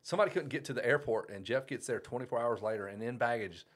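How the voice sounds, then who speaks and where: A man chatting casually in an easygoing mid-pitched voice. He rambles, trails off, laughs often and drops casual curses. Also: fast talker, crowd noise. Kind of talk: casual podcast chat.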